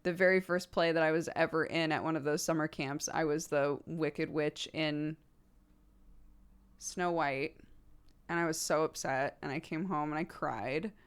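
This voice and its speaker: Animated, theatrical young woman streamer. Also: deep voice, unhurried, smooth. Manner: animated, self-deprecating, laughs often; theatrical, acts out quotes. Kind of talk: casual chat.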